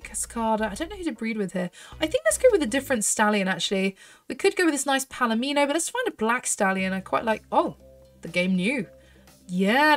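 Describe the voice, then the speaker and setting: A British woman of thirty hosts her gaming video in a chatty, bubbly way, thinking aloud and squealing at small wins. Her voice sits a little high. Soft music plays faintly under her talk. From United Kingdom. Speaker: gaming channel host. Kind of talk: casual gameplay commentary.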